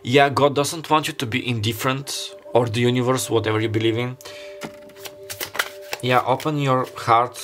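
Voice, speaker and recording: A man's voice: mid-range voice, steady tone, moderate pace, a bit bright, faint music behind. A man giving a pick-a-card tarot reading, rambling and earnest, often stopping to restart and leaning on "like" as he talks. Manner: rambling, stops and restarts, heavy use of "like"; earnest and openly emotional.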